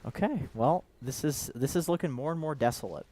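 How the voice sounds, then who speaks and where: A man's voice: on the high side, lively intonation, fairly quick, dark tone, slight background noise. A Canadian man co-commentating an esports match, laid-back and loose, laughing easily. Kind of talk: casual commentary banter.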